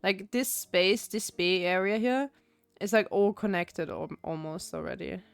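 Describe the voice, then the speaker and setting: In a dry recording, the young Austrian woman speaks unhurriedly in a mid-range voice that is clear and resonant, touched with vocal fry. She is streaming a game and chatting loosely, with many fillers and restarts.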